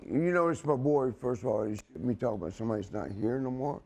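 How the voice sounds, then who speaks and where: A man's voice: mid-range voice, quick pace, warm tone. A man telling a rambling story as a guest in a casual chat, laughing as he goes. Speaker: wrestling guest.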